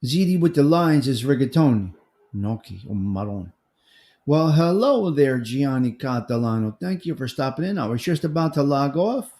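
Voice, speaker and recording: A middle-aged man talks through a casual morning live stream, reading out comments and greeting viewers one by one. His voice is mellow and dark, and his talk wanders loosely from one topic to the next. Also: medium pitch, very animated, moderate pace, roomy sound. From United States. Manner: chatty, greets viewers by name, drifts between topics. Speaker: livestream host.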